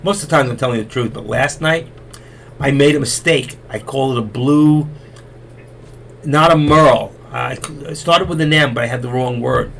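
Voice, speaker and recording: Losing his voice as he goes, a middle-aged live stream host spins rambling, folksy stories in a chatty way, often saying things twice. He speaks at a moderate pace in a gravelly, slightly bright mid-range voice, with slight background noise behind him.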